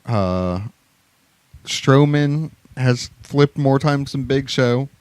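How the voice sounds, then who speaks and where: A man's voice: mid-range voice, extremely slow, a little mellow, clean tone, no echo. A man co-hosting a podcast in casual chat, teasing his friends with dry banter. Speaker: podcast co-host.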